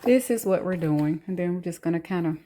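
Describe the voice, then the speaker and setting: A woman's voice: fairly low pitch, a little fast, dark tone, a little hiss or hum. A woman chatting casually to her viewers while she cooks in a home kitchen, filmed on a phone, with slangy asides. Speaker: cooking vlogger. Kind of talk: casual cooking vlog chat. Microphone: phone camera.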